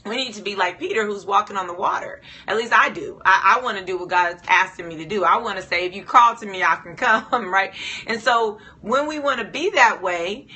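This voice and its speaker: A woman's voice: mid-range voice, expressive, fairly quick, pushed and bright, husky. A woman preaching a sermon in an informal, conversational way, retelling a scripture story with casual asides.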